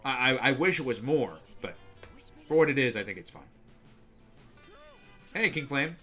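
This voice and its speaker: A man's voice: mid-range voice, moderate pace, soft background music. A young man streaming casually, rambling and reacting with lots of "like" fillers. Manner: rambling, heavy use of "like", excitable reactions.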